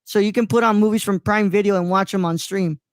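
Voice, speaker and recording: A man's voice: high-pitched, steady tone, fairly quick, smooth, dry recording. Man, twenties, from Mexico, live-stream host, rambling, filler-heavy, dry close sound. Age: 20s. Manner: rambling, filler-heavy, stumbles over names. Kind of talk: casual live-stream chat.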